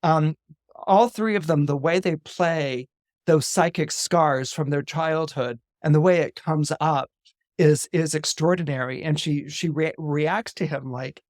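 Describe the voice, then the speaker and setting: A man's voice: fairly high pitch, unhurried, dry recording, clean studio sound. A man, an astrologer guest on a podcast, retelling a story with animation, often repeating words and acting out the dialogue.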